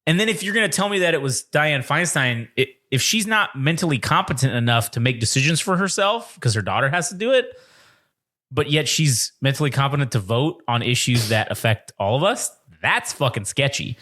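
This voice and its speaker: A man's voice: mid-range voice, animated, a little fast, bright, forceful tone. A man co-hosting a casual podcast, ranting with lots of swearing and acting out the people he quotes. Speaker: podcast co-host. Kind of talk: casual political rant.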